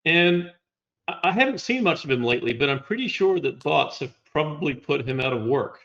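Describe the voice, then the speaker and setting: A man walking through slides in a relaxed conversation, explaining step by step with a wry touch. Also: a little high, fairly quick, lo-fi sound. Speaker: guest presenting slides.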